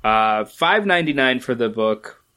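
A man's voice: medium pitch, animated, unhurried, bright, forceful tone. A man with a lingering cough, co-hosting a casual podcast chat about comic books and rambling with fillers. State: coughing, getting over a cold. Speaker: podcast co-host.

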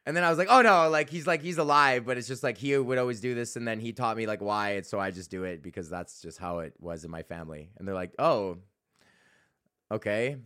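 A man's voice: on the low side, fast, hardly any pauses, fairly bright tone, clean tone. A young man from Canada hosting a podcast, telling stories in a rambling, swearing, casual monologue and laughing at his own jokes. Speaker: podcast host and comedian.

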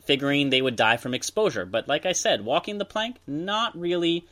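A man's voice: a little high, lively intonation, normal speed, sharp tone. A man who hosts a podcast, casually telling history stories with asides to his co-host. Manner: storytelling, explains history with asides. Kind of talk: casual chat.

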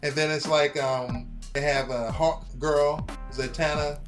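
A man in casual chat, telling a story in an animated, profane way and acting out quotes. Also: fairly high pitch, measured pace, over music.

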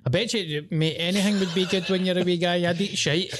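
A Scottish man chatting casually on a podcast. He swears easily and makes fun of himself in a loose, relaxed way. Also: high-pitched, a little fast, slight background noise. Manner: self-mocking, sweary. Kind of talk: casual chat.

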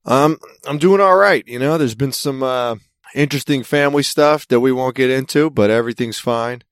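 Man, Mid-Atlantic American accent, wry rambling storyteller, mid pitch, casual chat. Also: normal speed, no room sound, clean studio sound. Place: California.

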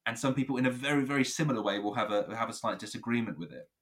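A man from England talks through how rap rhymes work in an easy conversational way. He is animated and playful and laughs easily. His voice sits at a middling pitch. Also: rapid-fire. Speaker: rapper explaining rhyme. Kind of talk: conversational explanation.

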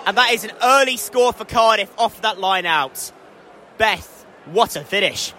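High bright-voiced young male rugby commentator. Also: a little slow, a little hiss or hum. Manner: excitable, rising to shouts at scores. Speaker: match commentator. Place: outdoor stadium stand.

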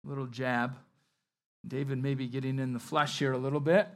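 A man's voice: mid-range voice, normal speed. A male pastor preaching a sermon in a conversational way, acting out the scenes with energy. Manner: conversational, animated when acting out Bible scenes.

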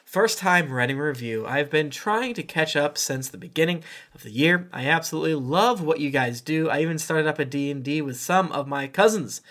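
A podcast host, a man with a slightly high voice, reads listener reviews in a loose, casual way. He keeps breaking into chuckles and tossing in playful asides between lines. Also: brisk, fairly bright tone.

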